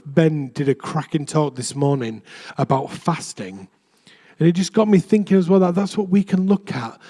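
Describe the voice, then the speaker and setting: Chatty young vicar with a mellow voice. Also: male voice, fairly high pitch. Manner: chatty, self-deprecating storyteller. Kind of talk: sermon. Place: church.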